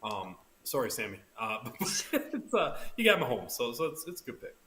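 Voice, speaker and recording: A man's voice: mid-range voice, sing-song, normal speed, sharp tone. A man co-hosting a casual fantasy football podcast, stumbling and repeating words as he thinks. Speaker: podcast co-host. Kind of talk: casual sports chat. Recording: echoey room with faint noise.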